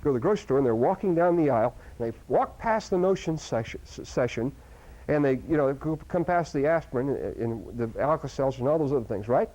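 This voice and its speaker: A man giving a live seminar talk to an audience, animated, with sudden loud outbursts and frequent restarts. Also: medium pitch, quick pace. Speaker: seminar speaker. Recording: dull lo-fi recording.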